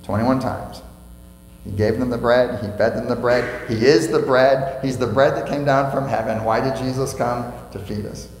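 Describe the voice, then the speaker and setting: A man's voice: medium pitch, steady tone, normal speed. A man preaching a sermon as pastor, emphatic, asking the congregation questions and repeating key phrases. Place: church sanctuary. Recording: echoey church hall with faint mains hum.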